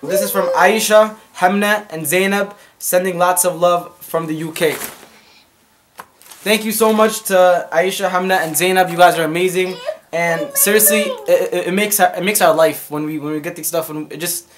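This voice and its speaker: A man's voice: sits high, fairly even intonation, moderate pace, noisy background. A man talking casually to camera as a vlogger, playful and teasing, often repeating and restarting his words. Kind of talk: casual vlog chat.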